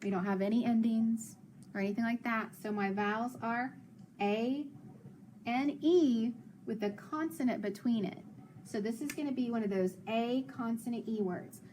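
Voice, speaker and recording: A woman's voice: on the high side, darkish tone, slight background noise. A woman teacher giving a phonics lesson to young learners, sounding out letters and praising often. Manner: patient, sounds out letters slowly, frequent praise.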